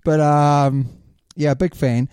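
A man co-hosting a casual rugby podcast, chatty and quick to laugh, often trailing off mid-sentence. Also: a little high, fairly even intonation, a little mellow, clean tone, no echo, studio quality. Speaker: podcast co-host. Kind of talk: casual chat.

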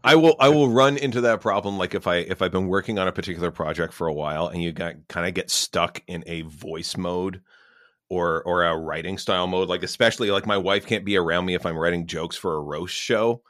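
A man, a comedian, chatting casually on a podcast, expressive and playful, slipping into bits. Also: low voice, a little fast, no echo, clean studio sound. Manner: expressive, lively, playful impressions. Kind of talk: casual chat.

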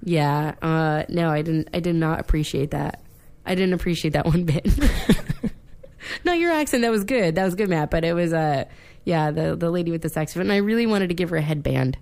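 A woman's voice: low-pitched, brisk, creaky, darkish tone. A woman co-hosting a casual film-review podcast, talking bluntly and animatedly, swearing freely and using plenty of fillers. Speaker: podcast co-host.

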